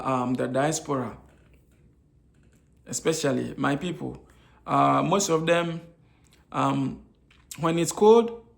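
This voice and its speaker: Gravelly man quizzing his listeners. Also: on the high side. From Africa. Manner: asks rhetorical questions and answers them himself; repeats key phrases, many hesitation fillers. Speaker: nutrition talk host. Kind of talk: informal health lecture.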